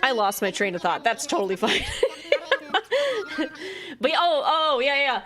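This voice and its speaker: A woman streamer chatting casually while playing a game, excitable and full of "like" and quick reactions. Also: fairly high pitch, soft background music. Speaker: live streamer.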